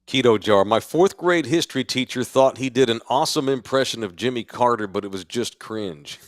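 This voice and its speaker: Middle-aged guy from texas rambling on a podcast, mid-pitched voice, dead dry room. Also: fairly quick, dry recording. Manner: loose, rambling storyteller. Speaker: podcast co-host. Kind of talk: casual sports-bar podcast chat. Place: podcast studio in a sports bar.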